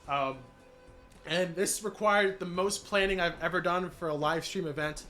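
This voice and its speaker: A man streaming live, recapping his channel's year in a casual, energetic way with many fillers and shout-outs, voice cracking after being sick. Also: fairly high pitch, normal speed, soft background music. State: recovering from illness, voice cracking.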